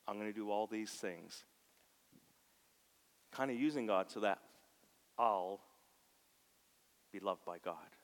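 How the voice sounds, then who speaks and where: A man preaching a sermon in a church. He moves from soft, near-whispered lines to loud, passionate bursts and acts out quoted voices. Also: on the low side. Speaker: pastor. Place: church sanctuary. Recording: long hall reverb.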